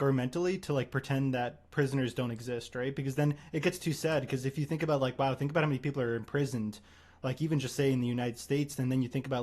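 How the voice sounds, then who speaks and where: A young man hosting a livestream, talking in a deadpan, rambling way. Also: medium pitch. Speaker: streamer host. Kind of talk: casual livestream chat.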